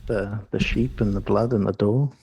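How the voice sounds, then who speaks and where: A man's voice: fairly low pitch, steady tone, moderate pace, vocal fry, a little mellow, slight background noise. A man playing a tabletop game, thinking aloud as he works things out. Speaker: player.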